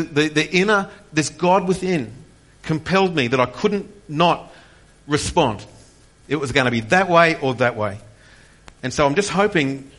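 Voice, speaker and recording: A man in his forties preaching a passionate sermon with personal testimony, rising in intensity on key points. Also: mid-range voice. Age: 40s. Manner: passionate, rising to near-shouts on key points, with frequent restarts. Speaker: pastor.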